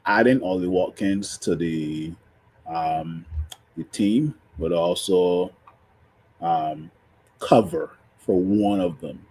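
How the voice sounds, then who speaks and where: A man on a fan panel in casual chat over a video call, speaking hesitantly and filling pauses with "um". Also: low voice, mellow, husky.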